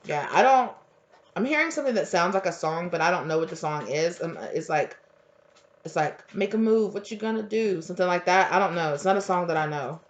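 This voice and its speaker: Brisk and expressive, a woman with a lowish voice delivers a casual spiritual tarot reading. She talks conversationally and wanders, restarting often and leaning heavily on fillers, in dull lo-fi audio.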